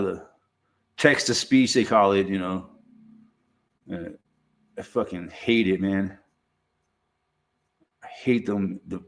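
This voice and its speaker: A man streaming a casual monologue, rambling and swearing freely, with lots of halting restarts and "you know". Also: fairly low pitch.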